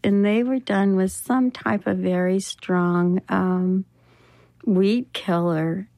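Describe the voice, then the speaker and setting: Older Southern woman, unhurried, gravelly, dry close recording. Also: mid-range voice, fairly even intonation, a little mellow, no echo. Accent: Southern American. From American South. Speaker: interviewee. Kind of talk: recounting a personal story in an interview.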